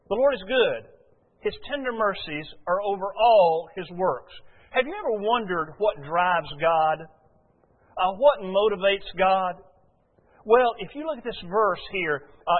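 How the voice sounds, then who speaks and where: A male pastor with a high voice, preaching in a conversational way that is full of questions and "uh" fillers. He reads scripture slowly and deliberately. The sound is thin and phone-like, with long reverb from a large church hall. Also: animated. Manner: conversational, asks congregation questions, many "uh" fillers; slow and deliberate reading scripture aloud. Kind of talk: sermon. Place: church sanctuary before a congregation.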